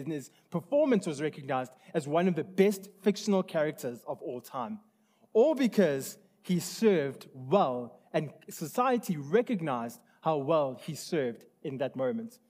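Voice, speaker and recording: A man's voice: high voice, dark tone. A man preaching a sermon, earnest and conversational, with restarts and asides. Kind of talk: sermon with opening prayer.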